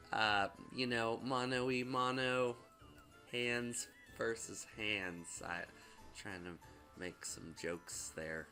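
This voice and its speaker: A man's voice: on the low side, fairly even intonation, slow pace, pushed and bright, faint music behind. A young man casually reviewing a movie, rambling and swearing, with lots of fillers. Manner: rambling, profane, many fillers. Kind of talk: casual vlog commentary.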